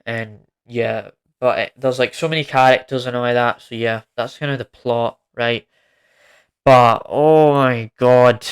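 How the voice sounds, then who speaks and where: A man's voice: medium pitch, steady tone, unhurried, smooth. A man giving a casual, rambling film review, exasperated and prone to repeating himself.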